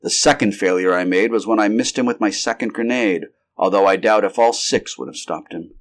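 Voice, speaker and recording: A commanding middle-aged scientist barks clipped orders through a monster hunt, as a man reads him aloud. The voice sits low and steady. This is a spoken storybook with the reader lending the doctor his own voice. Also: a little fast, lightly acted. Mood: earnest.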